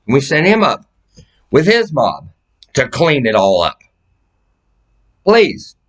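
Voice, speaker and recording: A man's voice: mid-range voice, wildly swooping pitch, slow, fairly bright tone, rough recording. A man delivering a rambling, profane monologue to camera, urgently pleading and jumping from topic to topic. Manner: rambling, jumps between topics. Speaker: vlogger.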